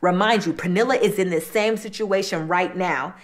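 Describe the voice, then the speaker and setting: A woman's voice: lowish voice, normal speed. A woman hosting an eating show, retelling a true-crime story in a casual, colloquial way with repeated phrases. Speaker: host.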